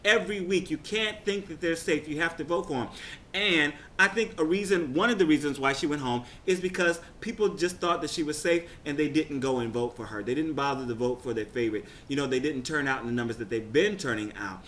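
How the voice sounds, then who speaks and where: A man casually recapping a TV results show, chatty and excitable, rambling with frequent restarts. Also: a little high, a little fast, a little hiss or hum.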